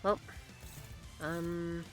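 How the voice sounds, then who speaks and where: A woman's voice: on the low side, flat delivery, drawn-out words, soft background music. A young woman streaming a game, chatting casually, joking and swearing as she reads the dialogue aloud. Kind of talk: casual live-stream commentary.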